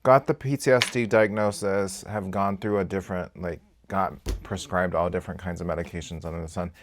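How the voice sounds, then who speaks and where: Candid, foul-mouthed man with a lowish voice. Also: brisk, background noise. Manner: candid and expressive, swears freely, swings between loud outbursts and quiet asides. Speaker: beauty vlogger. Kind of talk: casual get-ready-with-me chat.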